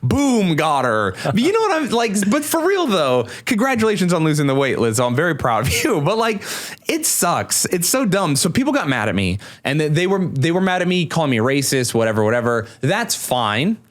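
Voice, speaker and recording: A man, a stand-up comedian as podcast guest, telling a story in an animated, sarcastic way and slipping into mocking voices. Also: fairly high pitch, fairly quick. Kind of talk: casual conversation.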